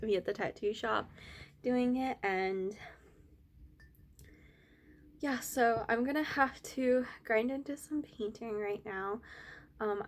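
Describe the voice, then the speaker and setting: A young woman, an art student, rambling softly in a casual vlog with many fillers, a little out of breath. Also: fairly high pitch.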